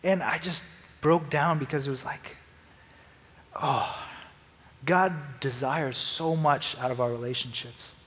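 A young man giving a casual, excitable sermon, rambling with lots of restarts and "like". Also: mid-range voice, measured pace, long pauses, long reverb tail. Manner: excitable, rambling, laughs and restarts, says "like" a lot. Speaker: youth preacher.

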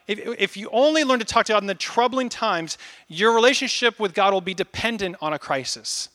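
A pastor in his thirties delivers a relaxed, lively sermon, acting out small asides along the way. His voice is high and his pace fairly quick.

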